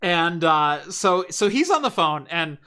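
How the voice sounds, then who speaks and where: A man's voice: on the high side, sing-song, measured pace, pushed and bright. A man hosting a tech podcast, chatting casually and telling a rambling anecdote with dry asides. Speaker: podcast host. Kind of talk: casual chat.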